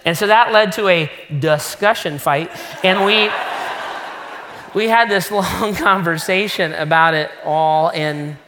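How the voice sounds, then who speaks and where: Bright-voiced preacher man in a big echoing hall. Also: high-pitched, slow, a little hiss or hum. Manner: animated, self-mocking storyteller. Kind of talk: storytelling sermon. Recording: long reverb of a large hall.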